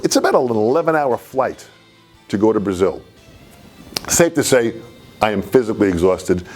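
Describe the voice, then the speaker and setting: Animated man telling a story. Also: mid-range voice. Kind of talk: personal anecdote.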